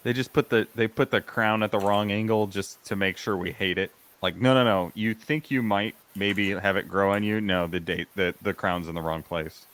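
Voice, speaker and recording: Lowish-voiced guy hosting a chat, blunt and opinionated, dry jokes. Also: fairly even intonation, normal speed, hardly any pauses, fairly bright tone. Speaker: host. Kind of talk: casual chat.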